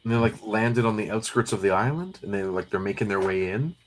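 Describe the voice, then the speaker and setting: A man's voice: lowish voice, brisk. A man co-hosting a casual comic read-through livestream, recapping the plot in a rambling way with many fillers. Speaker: co-host.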